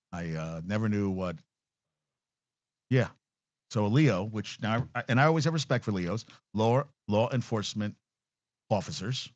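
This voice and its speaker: Here the sports podcast host has a lowish voice, and there's no room sound in the dull, dry lo-fi audio. He talks casually by himself, breaking into blunt, profane, ranting asides.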